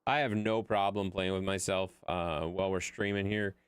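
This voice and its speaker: A man's voice: low-pitched, steady tone, moderate pace, clear, resonant tone, dry recording. A man chatting casually to his viewers during a livestream, rambling and swearing freely. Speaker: game streamer.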